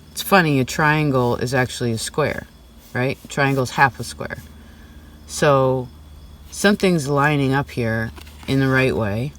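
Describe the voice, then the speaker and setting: A man's voice: medium pitch, a little hiss or hum. A man giving a casual tarot reading, talking in a rambling, chatty way full of "like" and "right?". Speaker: tarot reader. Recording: slightly distant mic.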